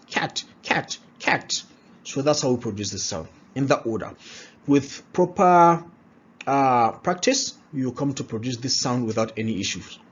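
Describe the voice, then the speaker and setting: A husky-voiced man leads a slow pronunciation lesson, saying each example word again and again. His pitch rises and falls a lot as he drills, and the recording sounds dull and lo-fi. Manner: repeats words slowly, checks in with "all right?". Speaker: pronunciation teacher.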